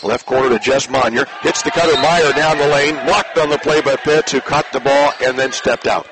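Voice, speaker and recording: A man announcing a high school basketball game play by play, in brisk clipped calls that rise when a shot scores. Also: fairly even intonation. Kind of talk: basketball radio commentary. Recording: noisy online radio broadcast.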